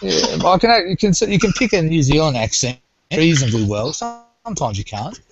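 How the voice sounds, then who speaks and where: A man's voice: on the high side, expressive, fairly quick, highs cut off, soft background music. A man chatting casually in an online group hangout, hesitant with many fillers and restarts. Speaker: hangout participant.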